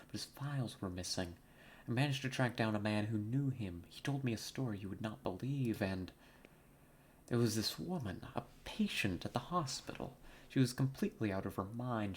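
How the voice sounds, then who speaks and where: A man voicing a calm middle-aged German doctor with a put-on German accent, reading game dialogue aloud in a slow, measured way. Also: lowish voice, a little hiss or hum, lightly acted. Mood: grave.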